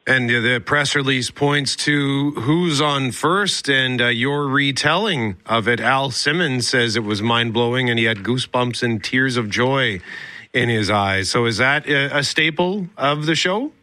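Bright-voiced radio host. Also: male voice, mid-range voice, a little slow, no echo. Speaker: radio morning show host. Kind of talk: live radio interview.

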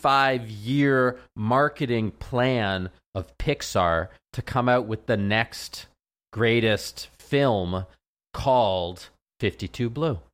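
A man's voice: medium pitch, slow pace, a bit bright. A man, a veterinarian, chatting casually on a radio show, rambling and often repeating his words. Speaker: veterinarian guest.

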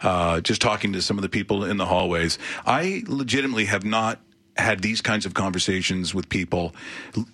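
Husky, animated radio man. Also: lowish voice, fairly quick. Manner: animated storyteller, acts out quotes. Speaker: radio personality guest. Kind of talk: casual radio interview.

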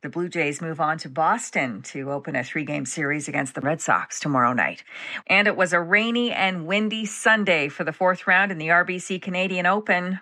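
A woman reading radio news bulletins in a measured, formal way. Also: lowish voice, pushed and bright. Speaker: news reader.

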